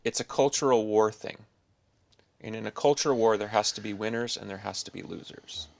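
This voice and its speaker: A man's voice: on the low side, a little fast, gravelly, dry recording. A middle-aged man hosting a podcast, talking in a thoughtful, rambling, musing way. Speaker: podcast host. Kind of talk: casual interview chat.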